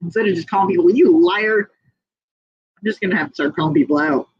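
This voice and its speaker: A woman's voice: on the low side, rapid-fire, breathy edge, no room sound. Woman chatting on her livestream, laughs a lot, reads out comments, kinda muffled dry sound. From United States. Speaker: livestream host. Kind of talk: casual livestream chat.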